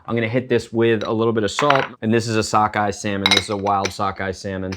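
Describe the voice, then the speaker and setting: A man's voice: fairly low pitch, flat delivery, fast talker, very noisy. A middle-aged man hosting a casual cooking demonstration, chatty and explaining each step with joking tangents. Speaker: chef and cooking show host.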